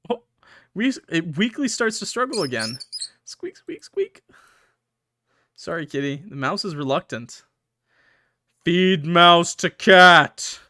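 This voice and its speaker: A man's voice: mid-range voice, bright, forceful tone, no room sound, studio quality. A young man playing a horror game, reading its text aloud with dramatic swings and joking asides. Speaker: gaming YouTuber.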